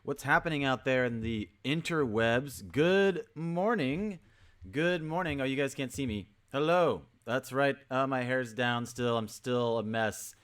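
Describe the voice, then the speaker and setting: A man's voice: mid-range voice, moderate pace, few pauses, smooth. A man hosting a casual livestream, cheerfully repeating greetings and calling out viewers by name. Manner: upbeat, repetitive greetings, shouting out viewers. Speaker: crypto livestream host.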